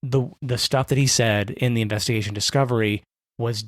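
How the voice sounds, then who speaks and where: A man's voice: medium pitch, fairly even intonation, a little fast, no echo, clean studio sound. A man co-hosting a podcast in casual chat, rambling and correcting himself with a wry humor. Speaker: podcast co-host.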